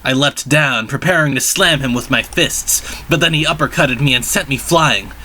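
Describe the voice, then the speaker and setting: A man's voice: mid-range voice, normal speed, bright, forceful tone, a little hiss or hum. A man narrating a first-person fanfiction story in an earnest, dramatic reading style.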